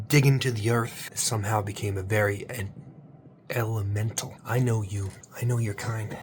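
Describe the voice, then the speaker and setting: A man hosting a late-night comedic monologue. He rambles in a mock-motivational, absurd way and swings between hushed whispers and loud, drawn-out exclamations. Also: on the low side, slight background noise. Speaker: channel host.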